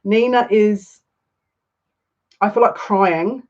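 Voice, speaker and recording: A woman's voice: medium pitch, slow pace, darkish tone, dull audio. A woman reading tarot live, chatty and dramatic, mocking herself as she talks. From half Turkish. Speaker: psychic tarot reader. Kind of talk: casual live-stream reading.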